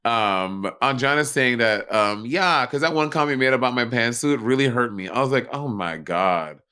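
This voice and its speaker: A man's voice: medium pitch, a little fast, bright, forceful tone, clear, resonant tone. A man co-hosting a casual chat show, talking bluntly and sassily with lots of fillers. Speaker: podcast co-host.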